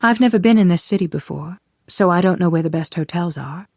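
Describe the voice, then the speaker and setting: A narrator voicing a spirited young woman, disguised as a boy, who talks in a quick, teasing and emphatic way. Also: mid-range voice, darkish tone, dry recording, studio quality, pitched above the performer's own voice, natural voice.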